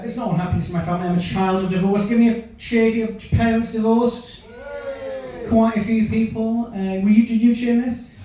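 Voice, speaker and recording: High-voiced comedian in an echoey club. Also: male voice, warm tone, far from the mic. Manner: chatty, chases audience members with questions. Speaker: stand-up comedian. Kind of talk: stand-up set with crowd work.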